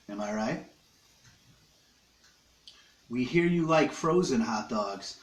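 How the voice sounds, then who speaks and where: A man rambles through a loose, joking live stream from his living room, chewing on snacks between crude wisecracks to his viewers. His voice sits at an ordinary middle pitch, and the sound bounces around an echoey room. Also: lively intonation, a little slow, long pauses. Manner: joking, crude, eating while he talks. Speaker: livestream host. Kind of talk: rambling casual live chat.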